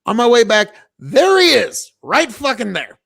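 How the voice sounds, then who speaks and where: A man's voice: extremely high pitch, huge pitch swings, a little slow, vocal fry, a bit bright, slightly rough, no echo, studio quality. A man from Nebraska hosting a podcast, telling rambling, profanity-laced stories in casual chat. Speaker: podcast host.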